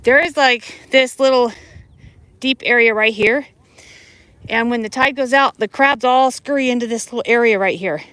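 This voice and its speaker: A woman's voice: on the high side, moderate pace, a bit bright, no room sound, poor audio. An American woman chatting live to her viewers while she walks across a tidal bay, out of breath, filmed on a handheld phone. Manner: chatty, talks straight to viewers while walking. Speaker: livestream vlogger. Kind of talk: casual live-stream chat. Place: outdoors on a tidal bay shore. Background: outdoor ambience.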